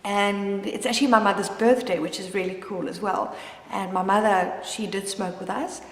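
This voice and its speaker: A woman's voice: medium pitch, steady tone, normal speed. Candid mother in a reverberant room. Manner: candid, rambling, with frequent restarts. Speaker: mother sharing her story. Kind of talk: personal confessional vlog. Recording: roomy with long reverb.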